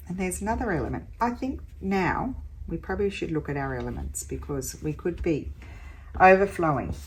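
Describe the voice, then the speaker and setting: Low-voiced woman chatting while crafting. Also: slight background noise. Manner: chatty, thinking aloud, self-talk with little exclamations. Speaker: craft vlogger.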